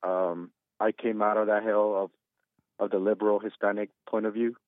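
Low-voiced male caller on a tinny phone line. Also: little pitch movement, moderate pace, no echo. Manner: hesitant, lots of ums, laughs easily. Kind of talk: casual phone-in chat.

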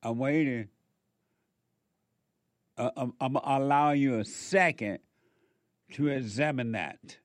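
A man giving a preachy spoken monologue, repeating rhetorical questions and pausing for answers. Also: medium pitch, no room sound, studio quality. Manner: acts out quoted back-and-forth dialogue. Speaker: speaker addressing listeners.

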